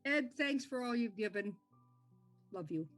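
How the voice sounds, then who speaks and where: Bright, slow woman speaking tenderly. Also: fairly high pitch, animated, faint music behind. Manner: tender, simple, heartfelt. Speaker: tribute speaker. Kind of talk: heartfelt farewell remarks.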